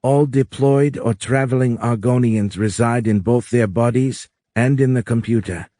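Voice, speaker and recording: A man voicing a calm, wise alien woman with a foreign accent, speaking slowly and explaining patiently in an audiobook. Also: mid-range voice, no echo, clean studio sound, voice pushed up, close to an everyday voice. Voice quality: foreign accent, soft raised voice. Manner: slow, measured, explanatory.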